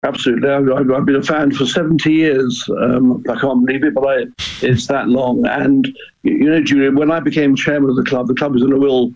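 A man's voice: medium pitch, little pitch movement, creaky, a little mellow, highs cut off. An older man speaking earnestly as a radio interview guest, stopping and restarting often. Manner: earnest, halting with many restarts. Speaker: guest, former club chairman.

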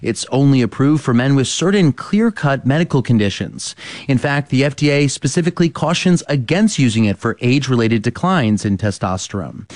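A man's voice: mid-range voice, animated, moderate pace, darkish tone, no room sound. Male radio reporter, dry studio sound. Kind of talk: scripted news report.

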